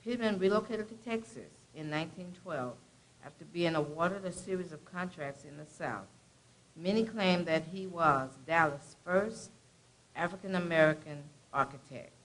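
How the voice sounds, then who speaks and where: A woman's voice: fairly low pitch, normal speed, fairly bright tone, poor audio. A woman on a college staff reading a short biography aloud, casual and chatty, with brief asides.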